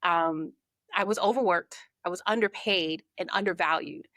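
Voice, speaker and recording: A woman, a podcast guest and marketing coach, telling her story in a lively way and acting out her own thoughts. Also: fairly low pitch, normal speed, no echo, studio quality. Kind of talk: conversational storytelling.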